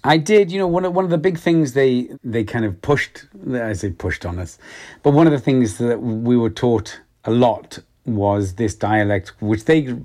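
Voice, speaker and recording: A man's voice: medium pitch, normal speed, darkish tone. A middle-aged Welsh man, an actor being interviewed, speaking reflectively with frequent hesitations and restarts. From Wales. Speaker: actor guest. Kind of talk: interview conversation.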